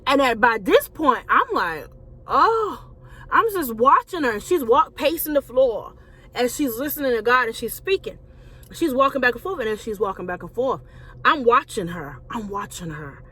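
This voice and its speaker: Woman, high voice, faith life coach, casual storytelling to camera, talks to viewers as y'all. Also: very animated, moderate pace, pushed and bright, breathy edge. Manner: conversational, addresses viewers as y'all. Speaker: Christian life coach and author.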